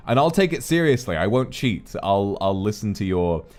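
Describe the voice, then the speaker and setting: A man chatting casually on a live stream, animated and quick to jump into voices. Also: lowish voice. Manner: animated, jumps into voices and laughs.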